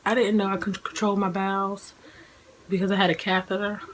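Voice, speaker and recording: With a medium-pitched, level voice, a woman in her twenties chats briskly in a vlog about something that happened to her, laughing and saying "like" frequently. The audio is poor, with a little hiss or hum.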